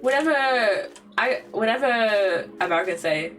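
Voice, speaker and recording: A young English woman chats loosely on her live stream, looping back on herself with fillers and repeated phrases. She laughs often and swears casually. Soft lo-fi music plays faintly behind her. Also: fairly high pitch, animated, measured pace. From England.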